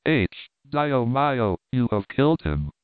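An impassioned young Italian wife pours out her words, as a male reader puts her on. The sound is dry and tinny like a phone line, yet the voice stays smooth. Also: mid-range voice, big pitch swings, slow pace, no echo. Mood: pleading. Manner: impassioned, exclaiming.

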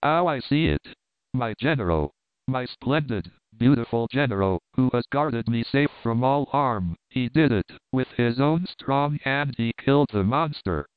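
An impassioned young Italian wife pours out her words, as a male reader puts her on. The sound is dry and tinny like a phone line, yet the voice stays smooth. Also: mid-range voice, lively intonation, unhurried, no room sound, natural voice. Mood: exultant. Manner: impassioned, exclaiming.

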